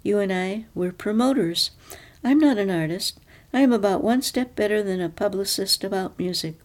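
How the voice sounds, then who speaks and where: A woman reading the lines of a sharp-tongued, weary middle-aged wife in a storybook reading, clipped and self-deprecating. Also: mid-range voice, moderate pace, close to an everyday voice. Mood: resigned.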